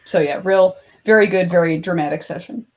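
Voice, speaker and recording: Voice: medium pitch, fairly quick. A player in a tabletop game chatting upbeat about the session. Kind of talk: casual post-game chat.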